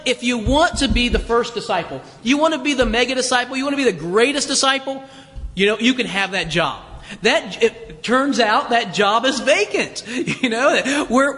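A middle-aged man gives a chatty, joking sermon in a high, bright voice. He often stumbles over and restarts his sentences and breaks into chuckles. His voice rings with a long echo through a large church hall. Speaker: preacher. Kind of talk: conversational sermon.

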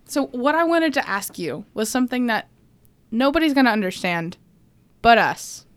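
A woman's voice: on the high side, sing-song, moderate pace, no echo. A woman co-hosting a podcast, bantering playfully and giggling. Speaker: podcast co-host. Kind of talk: casual chat.

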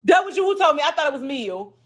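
A woman chatting on a casual podcast, spinning celebrity gossip and jumping into other people's voices as she tells it. Her voice sits a little high, and she swears freely. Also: quick pace. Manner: animated storytelling, acting out quotes, heavy profanity. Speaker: podcast co-host.

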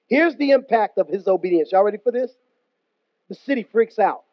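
A man's voice: high voice, expressive, brisk, no echo. A man preaching a sermon in an emphatic, conversational way with slangy asides. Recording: dull, dry close recording.

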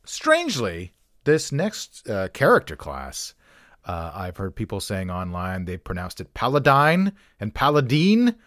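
A man's voice: sits low, very animated, unhurried, a bit bright, dry recording, clean studio sound. A man hosting a pronunciation channel, talking casually with wry, offhand jokes and self-mocking asides. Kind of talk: casual talk-through with jokes.

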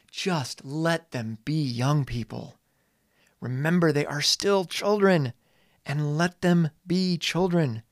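Man, 40s, earnest teacher-dad monologue, lightly raised pitch, dry close mic, casual cursing. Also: vocal fry, dry recording. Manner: earnest, conversational, swears casually, dramatic pauses. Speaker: teacher and parent. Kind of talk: reflective monologue.

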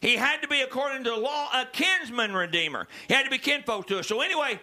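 A male preacher delivering a sermon, dropping to low murmurs and rising to shouted calls to the congregation. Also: lively intonation, fast. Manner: swings from low murmurs to loud shouted exhortations.

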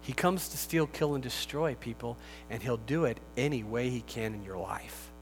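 With faint music behind him and a long reverb from the hall, a male pastor delivers a sermon at normal speed in a mid-range voice. He keeps it chatty and full of jokes, punctuated by sudden emphatic bursts.

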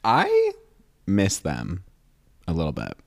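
A man in his twenties co-hosting a podcast, telling stories in a casual, animated way and acting out voices. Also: low-pitched, takes it slowly, vocal fry, no room sound. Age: 20s. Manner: animated storyteller, acts out voices, laughs often. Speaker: podcast co-host. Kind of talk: casual chat.

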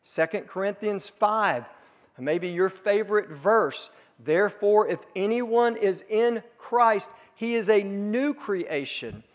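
A man preaching a sermon, piling up emphatic repeated phrases that build to forceful peaks. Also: high voice, animated, slow pace. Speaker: pastor. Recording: long reverb of a large room.

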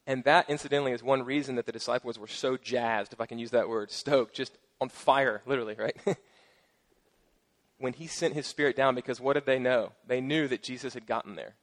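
Casual, joking middle-aged male pastor. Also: medium pitch. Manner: casual, joking asides, lively emphasis. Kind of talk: sermon.

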